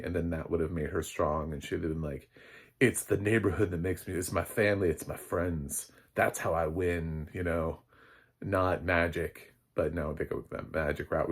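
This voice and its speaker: A man, a film critic, giving a casual spoken recap of a TV episode in a rambling, chatty way with many fillers and chuckles. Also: low voice.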